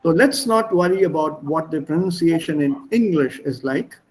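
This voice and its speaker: Over a video call, a middle-aged man with an Indian accent teaches a language class online, speaking in a fairly high, expressive voice at normal speed. He explains things at length, goes over points again and again, and spells out words. The audio is low quality.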